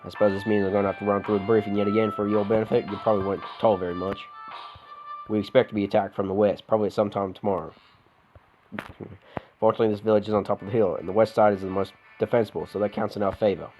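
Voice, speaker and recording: An Australian man voicing a grizzled, sarcastic older soldier captain who gives a brisk military briefing. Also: on the low side, level tone, highs cut off, lightly acted. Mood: stern. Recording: game music playing underneath.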